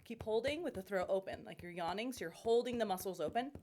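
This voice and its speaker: A middle-aged woman vocal coach leading a warm-up lesson with upbeat, encouraging instructions. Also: medium pitch, fast talker, a little hiss or hum.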